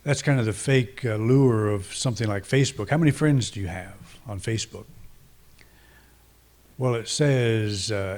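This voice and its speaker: A man's voice: lowish voice, normal speed, a little mellow. A man, a minister, preaching a conversational, reflective sermon with frequent restarts and fillers.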